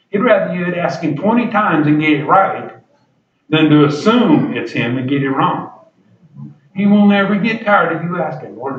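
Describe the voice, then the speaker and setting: A middle-aged man delivers a sermon in a folksy, plain-spoken way, building to loud, emphatic peaks. He sounds far from the mic in a roomy church sanctuary. The recording is dull and muffled. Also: medium pitch. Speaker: preacher.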